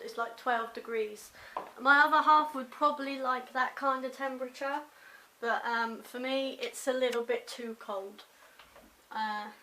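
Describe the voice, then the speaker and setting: Bright, chatty English woman vlogger. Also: fairly high pitch, slight background noise, low-quality recording. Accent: English with a slight London twang. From Hampshire, England. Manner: chatty, rambling, self-mocking asides. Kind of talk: casual daily vlog. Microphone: compact camera mic.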